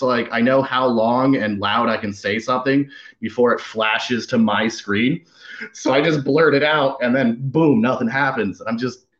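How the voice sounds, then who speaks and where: A man's voice: medium pitch, fairly bright tone. Profane, rambling man in a roomy, dull recording. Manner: profane, rambling, acts out exasperated quotes. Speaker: podcast guest. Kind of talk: casual podcast chat.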